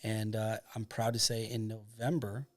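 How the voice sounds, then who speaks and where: A man's voice: fairly low pitch, level tone, moderate pace. A man from Michigan, a documentary filmmaker, tells a long anecdote as a podcast guest in a rambling way full of fillers. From Michigan, United States. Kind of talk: casual storytelling.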